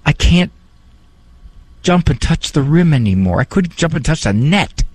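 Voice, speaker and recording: A man who is a psychologist, giving a casual talk on parenting and faith, animated and fond of mimicking voices for humor. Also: on the high side, a little slow, slightly rough, no echo. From Italian heritage.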